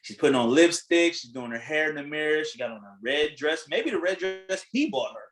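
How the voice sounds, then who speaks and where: A man hosting a podcast in casual chat, retelling a reality show in a blunt, animated way, acting out what people said and swearing freely. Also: fairly high pitch, brisk, low-quality recording. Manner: animated storytelling, acting out quotes. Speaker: podcast host.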